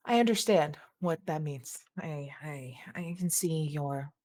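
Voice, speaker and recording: A woman's voice: low voice, expressive, slow pace, warm tone. A woman voicing a courteous male gambler with a put-on Southern US drawl. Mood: knowing.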